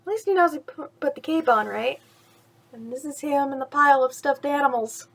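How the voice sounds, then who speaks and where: A woman's voice: sits high, a little fast, vocal fry. A woman reading a children's picture book aloud at bedtime, with chatty asides about the pictures and frequent laughs. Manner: lively, laughs often, points out pictures.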